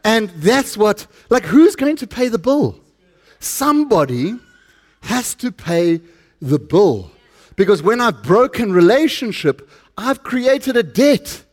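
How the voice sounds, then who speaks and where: A man's voice: high-pitched, big pitch swings, takes it slowly. A middle-aged man with a South African accent preaching a sermon, chatty and joking with the congregation. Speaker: pastor.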